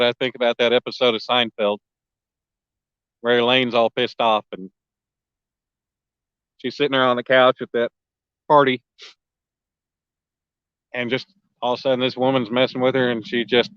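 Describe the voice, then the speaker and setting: A man's voice: mid-range voice, fairly even intonation, moderate pace, long pauses, a bit bright, no room sound, highs cut off. Laid-back man chatting on a livestream. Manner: laid-back, frequent throat clearing, reads chat aloud. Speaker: livestream host. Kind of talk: casual chat with live viewers. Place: outdoors at a riverbank at night.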